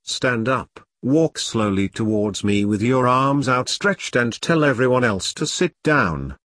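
A man's voice: mid-range voice, expressive, measured pace, fairly bright tone, dry recording, clean studio sound. A man voicing a stern male army section commander who gives clipped orders to surrendering troops.

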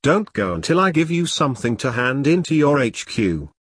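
A man's voice: mid-range voice, big pitch swings, normal speed, slightly rough, dry recording, clean studio sound. A man voicing an earnest, direct woman army lieutenant nurse in an audiobook.

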